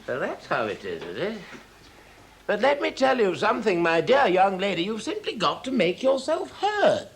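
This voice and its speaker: Stage drama, a brusque, bossy theatre manager, high voice with wildly swinging pitch. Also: male voice, huge pitch swings, moderate pace, heavily acted. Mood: lecturing. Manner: commanding, brusque, mocking laughs. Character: bossy theatre manager, middle-aged man, impatient. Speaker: theatre manager running a rehearsal.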